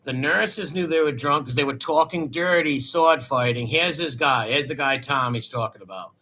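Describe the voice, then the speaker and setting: A man's voice: fairly high pitch, moderate pace, sharp tone. A man hosting a crude, sarcastic commentary show, mocking clips he plays. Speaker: host.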